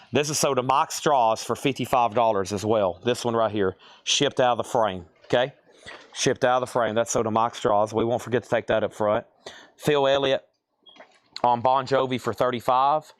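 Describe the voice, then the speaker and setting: A man's voice: mid-range voice, no room sound. A man hosting a live online sale, calling out prices and buyers' names and thinking aloud as he sorts items indoors. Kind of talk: live auction selling.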